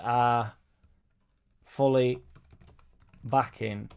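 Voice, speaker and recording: Man, casual live stream host, chatty, reads out viewer comments, mid-pitched voice. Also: normal speed, darkish tone. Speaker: fan channel host reading live chat.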